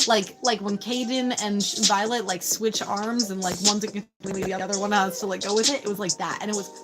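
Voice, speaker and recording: A woman hosting a casual livestream, telling a story with lots of swearing and animated outbursts. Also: mid-range voice, brisk, over music. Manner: animated, profane, laughing storyteller. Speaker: livestream host.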